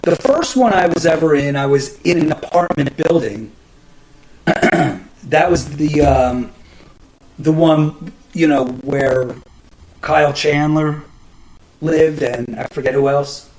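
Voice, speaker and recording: Middle-aged guy rambling on a podcast, swears a lot, kinda high voice, keeps restarting. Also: a little mellow, rough recording. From New Jersey. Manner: rambling, profane, many restarts and fillers. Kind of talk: casual storytelling monologue.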